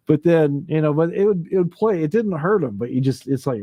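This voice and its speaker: A man's voice: fairly high pitch, normal speed, mellow, dry recording, clean studio sound. A man hosting a late-night livestream, rambling casually, laughing easily and imitating sounds as he reminisces. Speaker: livestream host. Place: home livestream setup.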